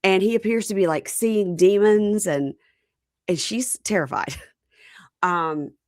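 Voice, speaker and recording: A woman hosting a podcast, telling a story in a casual, animated way and acting out what people said. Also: fairly low pitch, takes it slowly, no room sound, studio quality. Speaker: podcast host. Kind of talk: casual recap chat.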